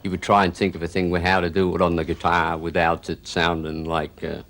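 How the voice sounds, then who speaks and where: A rock guitarist talking casually in an interview, rambling and filling gaps with "you know", now and then chuckling. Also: male voice, deep voice, little pitch movement, a little fast, a bit bright, faint music behind. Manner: chuckles while telling stories.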